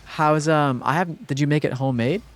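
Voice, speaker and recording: Smooth-voiced young male streamer. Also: on the high side, fairly quick. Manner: rambling, filler-heavy, thanks viewers. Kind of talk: casual live-stream chat.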